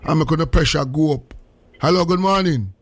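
A man's voice: fairly high pitch, a little fast, no echo. Joking Jamaican radio host man. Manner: joking, heavy patois, frequent greetings. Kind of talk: casual morning radio chat.

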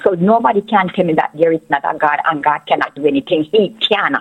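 A woman's voice: low-pitched, fairly quick, husky. An older woman calling in to a radio show to give an earnest, fervent church testimony, retelling her story with many repeats. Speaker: radio caller. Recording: tinny phone line.

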